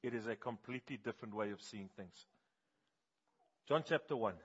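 A man's voice: on the low side, brisk, husky, highs cut off. A man with a South African accent preaching a sermon emphatically and having the congregation repeat words back to him. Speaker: pastor.

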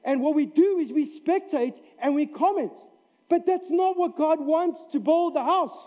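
A man pastor preaching a sermon in a church, earnest and emphatic, repeating key phrases for weight. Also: very high-pitched. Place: church sanctuary. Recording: tinny narrow-band recording.

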